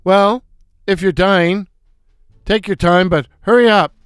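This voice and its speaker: A man voicing a gruff, bossy slapstick bully who barks out insulting wisecracks in a read-aloud story. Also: high voice, takes it slowly, no echo, clean studio sound. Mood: barking.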